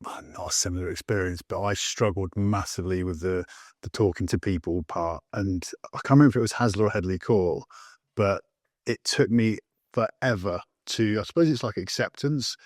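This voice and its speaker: A man hosting a podcast interview, sharing his own experience in a reflective, halting way. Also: low-pitched, dry recording, studio quality. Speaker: podcast host, former Royal Marine. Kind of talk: conversational interview.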